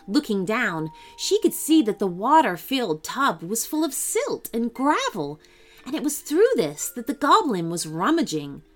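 A woman storyteller giving a scripted narration of a children's story in a lively, expressive way. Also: fairly high pitch, measured pace.

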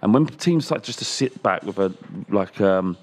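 A man's voice: lowish voice, lively intonation, normal speed. A man co-hosting a casual football podcast, thinking aloud with frequent restarts as he analyses players. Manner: thoughtful, many restarts, analytical. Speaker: podcast co-host, football pundit.

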